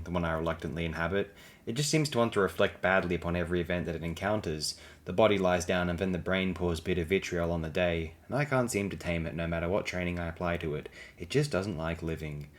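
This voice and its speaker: A man reading blog posts aloud as an audiobook, with a dry, sardonic delivery. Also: sits low. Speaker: audiobook reader.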